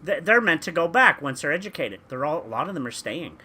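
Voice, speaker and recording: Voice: mid-range voice, sing-song, fairly quick, pushed and bright, breathy edge. A talker, ranting emphatically in casual podcast chat with stumbling restarts. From Canada.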